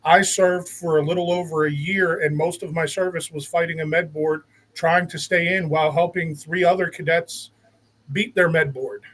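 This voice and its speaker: A man with a slightly raised pitch speaks earnestly as a podcast guest, giving opinions in casual talk. He often restarts and repeats words as he builds his point. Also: fairly even intonation, normal speed, a bit bright, low-quality recording. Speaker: guest, veteran.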